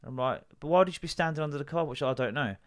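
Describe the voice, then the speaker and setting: A man's voice: on the high side, rapid-fire. A man hosting a comedy podcast, telling rambling, sweary stories and doing the voices of the people in them. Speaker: podcast host. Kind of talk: casual comedic rant.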